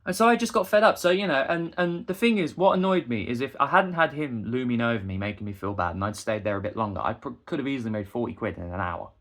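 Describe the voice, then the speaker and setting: Man, young adult, indignant monologue, bright tense voice, lively pitch. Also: fast, few pauses. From England. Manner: heated, indignant, emphatic. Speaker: busker and vlogger. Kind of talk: ranting monologue to camera.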